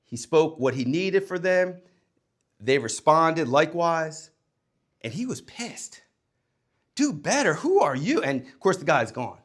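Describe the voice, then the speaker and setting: A man and former coach giving a motivational talk to young people, emphatic, swinging between loud and hushed delivery. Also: fairly high pitch, expressive, measured pace.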